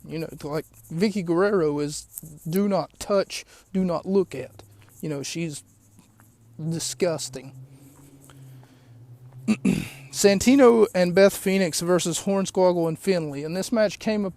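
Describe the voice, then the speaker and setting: A man's voice: sits high, measured pace, pauses often, a little mellow. A man hosting a podcast, recapping a show in a rambling, chatty way with lots of asides. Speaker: podcast host. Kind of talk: casual recap of a wrestling show.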